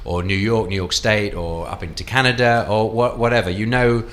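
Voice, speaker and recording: Casual: british guy in a radio studio, lowish voice, keeps restarting his sentences. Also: steady tone, brisk, a bit bright. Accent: British English. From England. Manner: hesitant, restarts and repeats words. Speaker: guest comedian and ventriloquist.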